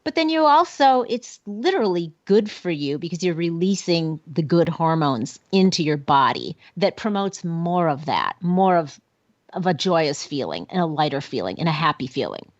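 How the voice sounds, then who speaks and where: Woman, podcast host, upbeat, lowish voice, muffled sound. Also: very animated, moderate pace. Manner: upbeat, laughs often. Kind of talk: casual interview chat.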